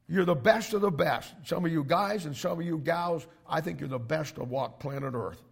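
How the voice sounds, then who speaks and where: A male pastor preaching to young ministry students, emphatic and animated, with frequent restarts. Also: fairly high pitch, moderate pace, creaky, slightly rough.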